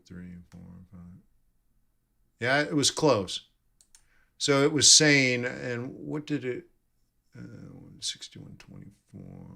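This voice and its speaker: A man's voice: mid-range voice, creaky, pushed and bright. A man giving live trading commentary, thinking aloud and correcting himself as he reads numbers off charts. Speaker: forex trading streamer.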